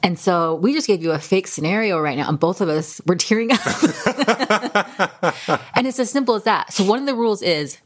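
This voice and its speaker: A woman co-hosting a podcast with her husband, speaking in a warm, emotional, chatty way. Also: medium pitch, moderate pace. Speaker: podcast co-host. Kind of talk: casual conversation.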